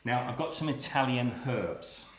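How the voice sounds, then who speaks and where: A man's voice: medium pitch, animated, unhurried, reverberant, a little hiss or hum. A man hosting a live cooking stream, chatting as he works and laughing at his own slip-ups, filmed on a phone on a small tripod. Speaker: cooking livestream host.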